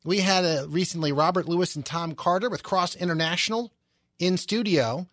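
A man's voice: sits high, normal speed, fairly bright tone, no room sound. A man hosting a radio talk show, casual and upbeat, plugging giveaways and a website between segments. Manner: casual, upbeat promo delivery with fillers. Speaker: radio host.

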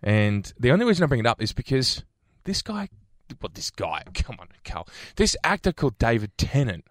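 A man's voice: mid-range voice, very animated, normal speed, no echo, clean studio sound. A man co-hosting a morning radio show, joking and teasing in casual banter with frequent laughs. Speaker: radio host. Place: radio studio. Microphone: studio microphone.

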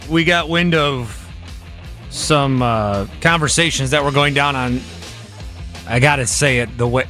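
A man's voice: medium pitch, a little slow, long pauses, pushed and bright, faint music behind. A man hosting a sports talk radio show, bantering and joking with his co-host from a studio. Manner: joking, doing impressions. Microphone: studio microphone.

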